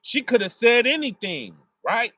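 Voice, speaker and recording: A man with a fairly high voice delivers a loose, conversational sermon, stopping after almost every phrase to check "right?" with his listeners. He explains his points through homely family examples. The sound is dry and close. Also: big pitch swings, unhurried, fairly bright tone, no echo. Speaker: preacher. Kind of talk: casual street sermon.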